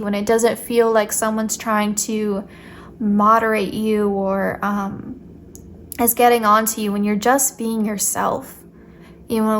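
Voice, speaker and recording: A sweet-voiced young tarot reader at medium pitch speaks directly to her audience, with a little hiss or hum on the recording. Her reading is casual and playful, and "like" crops up a lot in her chatty delivery.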